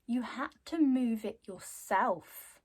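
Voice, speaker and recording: Evasive older woman, voiced by a woman, drawn-out dramatic delivery, slow. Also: a little high, lively intonation, husky, heavily acted. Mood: ominous. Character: evasive older woman telling a sad tale.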